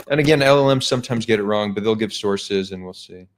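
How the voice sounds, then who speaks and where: A man's voice: lowish voice, quick pace, few pauses, noisy background. A man hosting a live stream, talking casually and skeptically, thinking aloud with frequent restarts. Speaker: streamer host.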